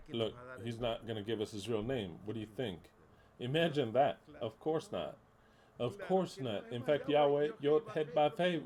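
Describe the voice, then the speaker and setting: A man's voice: mid-range voice, darkish tone. A man preaching a sermon in an emphatic, blunt way, repeating key words and sometimes swearing.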